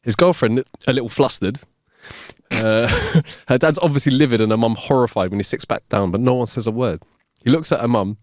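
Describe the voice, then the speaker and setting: A man's voice: medium pitch, fairly quick, dry recording, studio quality. A man co-hosting a comedy podcast who tells jokes as stories and laughs at his own punchlines. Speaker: podcast co-host. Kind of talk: joke telling.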